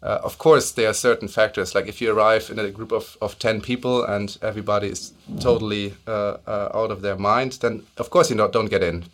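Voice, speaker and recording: Male guest, low voice, measured and chatty. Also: steady tone, fairly bright tone. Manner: thoughtful, many fillers, explains at length. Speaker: podcast guest, engineer. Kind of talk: casual conversation.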